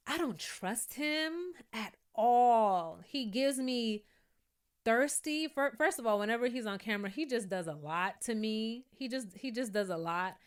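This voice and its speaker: A woman's voice: fairly high pitch, moderate pace, clear, resonant tone. A woman giving a casual, chatty recap and commentary, laughing often and acting out quotes from the show. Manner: chatty, animated, often laughing and quoting people. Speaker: YouTube reviewer.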